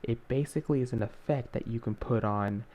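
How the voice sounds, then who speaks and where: A man's voice: medium pitch, brisk, a little mellow. A young man hosting a casual screen-recorded art tutorial, talking in a rambling way with many fillers and self-corrections.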